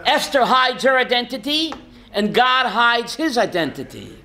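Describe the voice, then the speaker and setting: A man's voice: extremely high pitch, animated, measured pace, pushed and bright. A man, a rabbi, teaching a Torah class in a folksy, joking way and quizzing his listeners by name. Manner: folksy, jokey asides.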